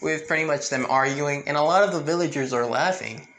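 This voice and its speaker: A man's voice: a little high, a little fast, fairly bright tone, a little hiss or hum, rough recording. Man rambling through a fan story. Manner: rambling with fillers and restarts. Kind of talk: improvised fan story narration.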